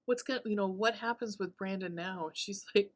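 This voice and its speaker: A woman's voice: mid-range voice, moderate pace. A woman hosting a podcast, casually recapping a horror movie, swearing freely and laughing often as she tells the story. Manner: profane, laughing, animated storytelling. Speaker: podcast host.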